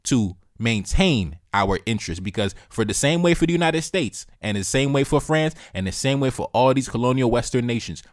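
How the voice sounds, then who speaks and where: A man's voice: medium pitch, no echo. A man hosting a reaction video, giving heated political commentary in a blunt, profane way and repeating his key points, close to the mic.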